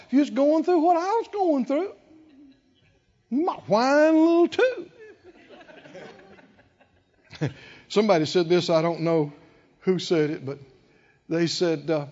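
Older man, preacher, sermon, high lively voice, slow emphatic, chuckling, dull lo-fi sound. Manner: animated, chuckles often, slow emphatic delivery. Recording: dull lo-fi recording.

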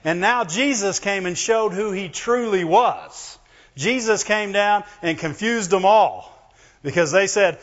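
A man preaching a sermon to his church, talking conversationally, calling for amens, and swinging between loud emphasis and quiet low asides. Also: measured pace. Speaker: pastor. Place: church hall. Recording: muffled lo-fi recording in a reverberant hall.

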